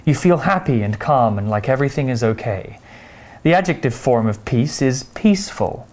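Guy teaching english words, slow careful explanations, mid pitch. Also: expressive, a little mellow. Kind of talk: explaining vocabulary.

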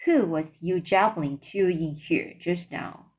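A woman's voice: on the low side, a little mellow, lightly acted. A woman reading as a bullying giant. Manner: slow, reading aloud with small stumbles. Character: huge brutish male giant, bullying and loud.

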